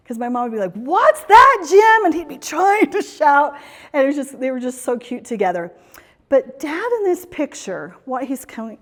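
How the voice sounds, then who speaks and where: A woman corporate trainer giving a live workshop talk, telling stories and asking the audience questions. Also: on the high side. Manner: storytelling, chatty, asks the audience questions. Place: conference room or hall. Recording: speech in a hall with long reverb.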